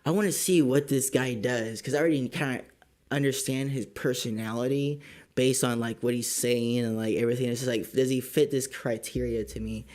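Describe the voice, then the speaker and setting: A man's voice: mid-range voice, fairly even intonation, a little fast, darkish tone. A man hosting a podcast, telling a story in a casual, profane, rambling way with lots of fillers. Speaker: podcast host. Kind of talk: casual chat.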